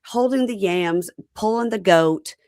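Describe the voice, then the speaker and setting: A woman hosting a podcast, telling a story in a casual, animated way and acting out what people said. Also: mid-range voice, unhurried, no room sound, studio quality. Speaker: podcast host. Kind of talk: casual recap chat.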